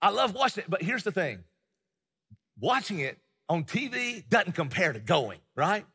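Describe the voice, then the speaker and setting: A middle-aged male pastor preaches in a high, bright voice that rings out with a long reverb through a church hall. He keeps it conversational, piling on fillers and quick restarts. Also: big pitch swings, slightly rough. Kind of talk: sermon.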